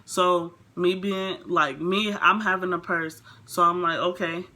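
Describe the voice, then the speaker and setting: A woman's voice: on the low side, measured pace. A young woman vlogger telling a storytime in a casual, rambling way, full of fillers. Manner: rambling, filler-heavy, animated retelling.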